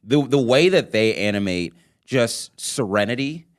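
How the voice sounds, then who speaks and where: A man co-hosting a podcast, chatting casually and excitedly, swearing and acting out quotes from a film. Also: medium pitch, measured pace. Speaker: podcast co-host. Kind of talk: casual chat.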